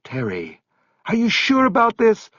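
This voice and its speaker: A man's voice: high voice, huge pitch swings, measured pace, fairly bright tone, dry recording, lo-fi sound, pitched above the performer's own voice, heavily acted. A man voicing an anxious, guilty middle-aged man who talks in a whiny, pleading way, raised well above his own voice.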